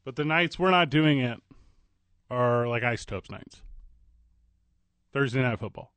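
A man's voice: mid-range voice, fairly bright tone, no echo. A man hosting a casual morning sports talk radio show, joking and chatting with his co-host. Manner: jokey, chatty, quick banter.

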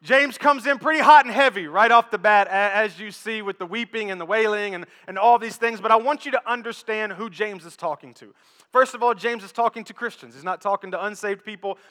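A man preaching a sermon in an animated, joking, repetitive way, in a church. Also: high voice, a little fast. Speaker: pastor. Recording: echoey church hall.

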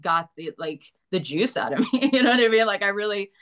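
An actress with a Southern US accent chats casually as an interview guest, laughing often and swearing a little. Her mid-range voice is expressive, fairly quick and fairly bright.

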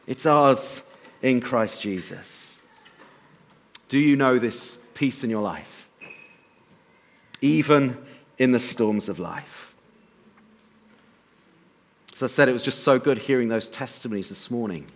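A man giving a sermon and telling a personal story, slowing to soft emphasis at times and lifting his voice at others. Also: mid-range voice. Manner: storytelling, shifts between soft slow emphasis and raised bursts. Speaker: pastor.

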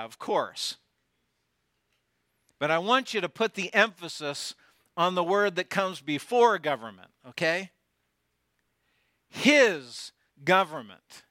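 A man preaching a sermon, swinging from loud declarations down to near whispers and putting rhetorical questions to his congregation. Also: high voice, no room sound, studio quality. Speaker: pastor.

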